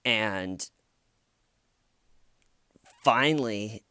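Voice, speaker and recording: A man's voice: lowish voice, drawn-out words, sharp tone, clear, resonant tone, no room sound, clean studio sound. A man telling a story in a casual, rambling way, often restarting and correcting himself. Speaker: channel host.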